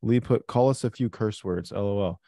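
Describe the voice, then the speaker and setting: A man hosting a live trading stream, chatting casually, excitable and swearing constantly. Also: fairly low pitch, normal speed, no room sound, clean studio sound. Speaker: livestream trading host.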